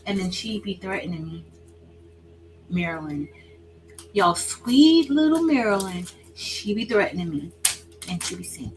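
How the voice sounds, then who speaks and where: Woman, craft livestream host; chatty and casual, calls out viewers by name, excitable with quiet asides. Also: mid-range voice, measured pace, pauses often, music in the background, rough recording. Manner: chatty, answers viewers by name, says y'all; drifts between excited exclaiming and soft asides. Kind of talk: casual chat while crafting.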